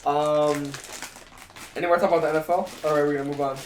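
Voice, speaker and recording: Brief: young male podcast co-host, slightly high voice, rambling loud delivery, echoey room with faint noise. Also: little pitch movement, fast. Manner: loud, rambling, laughs a lot. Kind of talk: casual sports chat.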